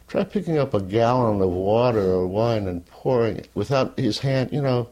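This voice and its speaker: An older man telling a personal story in a candid, rambling way, at times sinking to a soft near-whisper. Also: mid-range voice, lively intonation, normal speed. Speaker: interviewee.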